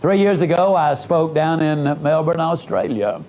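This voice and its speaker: A man giving a motivational speech as a dramatic story, swinging his pitch and loudness and slowing down for emphasis. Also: slight background noise, low-quality recording. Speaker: motivational speaker.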